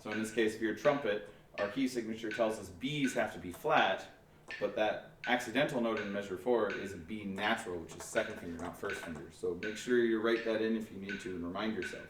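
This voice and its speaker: A man's voice: on the low side, fairly quick. A man teaching a remote band lesson, patiently explaining step by step with restarts. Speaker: music teacher. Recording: echoey room, faint noise.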